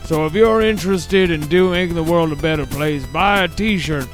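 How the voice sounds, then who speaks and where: A man putting on the voice of a boastful, gruff male rock frontman doing a mock promo. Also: normal speed, soft background music, lightly acted. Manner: mock-promotional, low and drawling.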